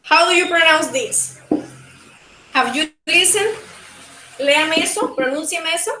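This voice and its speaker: Woman, Panamanian accent, high voice, echoey classroom, linguistics teacher. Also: noisy background. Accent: Panamanian Spanish. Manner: slow, repeats words to model pronunciation. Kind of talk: bilingual classroom lecture.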